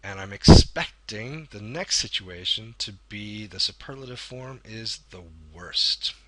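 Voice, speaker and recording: This man's voice is lowish and animated, and he keeps a measured pace. Teaching English grammar on video, he's patient, lingers on key words, and catches his own slips.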